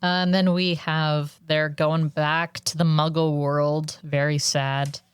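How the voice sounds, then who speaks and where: Speaking slowly in a low, level voice, a podcast co-host chats about a book. Her talk is full of "like" fillers and reflective side comments, and the tone is clean.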